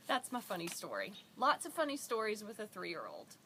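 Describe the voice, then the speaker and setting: A mother telling a funny story about her toddler in an expressive, animated way, recorded as an audition. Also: medium pitch, a little fast, few pauses, a little hiss or hum.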